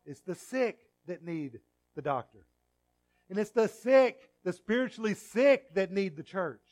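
A pastor preaching a sermon in church, swinging from quiet asides to loud, emphatic peaks. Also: male voice, sits high, expressive, unhurried.

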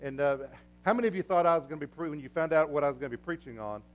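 Folksy high-voiced older male preacher. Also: very fast, highs cut off, soft background music. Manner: folksy, energetic, breaks into cheering shouts. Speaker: pastor. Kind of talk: sermon. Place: church sanctuary.

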